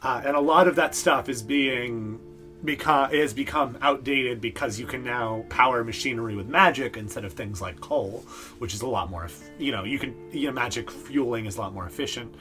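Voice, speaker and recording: A man's voice: mid-range voice, moderate pace, sharp tone, soft background music. A man narrating a tabletop game as game master, in a loose, rambling way full of fillers.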